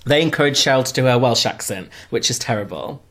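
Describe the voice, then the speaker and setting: A man's voice: mid-range voice, animated, a little fast, heavy background noise. A man co-hosting a casual podcast, teasing and laughing often, then talking openly. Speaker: podcast co-host. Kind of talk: casual chat. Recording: roomy echo.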